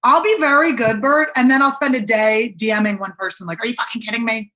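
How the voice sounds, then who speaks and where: Woman, 30s, comedian guest; frank and sweary, bright voice. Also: a little fast. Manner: candid, swearing, drops low and quiet at the ends of thoughts. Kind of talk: casual chat.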